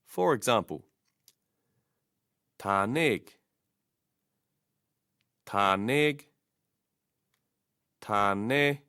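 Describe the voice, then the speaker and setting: Slow, deliberate male language teacher. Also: medium pitch, no echo, studio quality. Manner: slow, deliberate, repeats each word as a model. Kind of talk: scripted pronunciation lesson.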